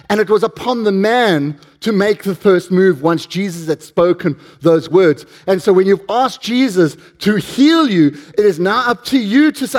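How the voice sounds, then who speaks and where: A man's voice: high voice, animated, moderate pace, hardly any pauses, darkish tone. A man preaching a sermon, telling stories with animation and putting questions to the congregation.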